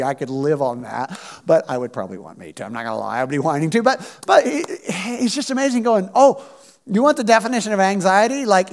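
Animated high-voiced male pastor preaching. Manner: conversational, animated, acts out biblical quotes in voices. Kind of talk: sermon.

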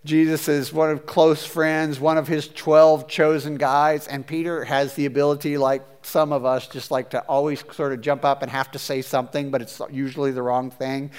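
Chatty, animated male pastor. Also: a little high, normal speed, hardly any pauses, clean tone. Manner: chatty and animated, with hesitant restarts. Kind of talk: conversational sermon.

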